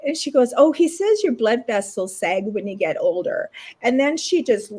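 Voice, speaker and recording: A middle-aged woman from Canada, telling a personal story in a casual, animated way as an interview guest. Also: on the high side, moderate pace, slight background noise. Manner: animated retelling with lots of acted quotes.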